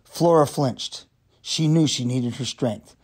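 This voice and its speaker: A man's voice: mid-range voice, slow pace. Man reading a children's novel aloud. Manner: steady storytelling narration. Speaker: reader.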